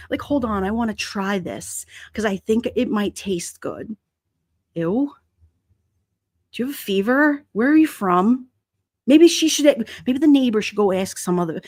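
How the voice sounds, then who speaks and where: A woman's voice: medium pitch, expressive, a little slow, a little mellow, no room sound. Chatty laughing woman, dry close sound. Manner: chatty, laughs often, rambling with many fillers. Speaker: livestream host. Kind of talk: casual live-stream chat reading comments.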